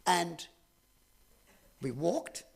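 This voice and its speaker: A man from India with an Indian accent, speaking at a public event and telling a personal story in an earnest way, with dramatic pauses. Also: on the high side, sing-song, gravelly, slightly rough.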